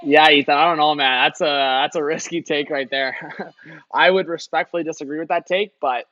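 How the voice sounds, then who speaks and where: A young man talks hockey on a live stream, easygoing and rambling, tossing in "like" and "man" as he replies to chat. His voice sits at an ordinary pitch with a bright edge. The recording is dry and a little dull. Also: fairly even intonation, moderate pace, dry recording. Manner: chatty, reads and answers chat, lots of "like" and "man". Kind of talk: casual live-stream commentary.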